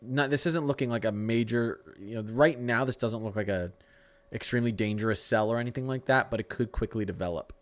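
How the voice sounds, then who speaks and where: This livestream weather host, an adult man with a young son, has a mid-range voice and a brisk pace. He reads the radar and replies to his chat casually, often restarting sentences and tripping over place names.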